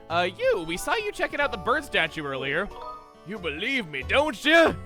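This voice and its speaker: A young man streaming a game, talking through it in an animated, chatty, self-mocking way, over game music. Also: high voice, normal speed. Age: young adult. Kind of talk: gameplay commentary.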